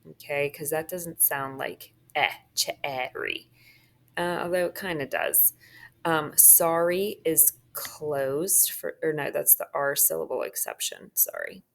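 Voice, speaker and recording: Low gravelly woman teaching phonics. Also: sing-song, measured pace, fairly bright tone. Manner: talks through marking a worksheet, checks in with "okay?". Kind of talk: phonics lesson walkthrough.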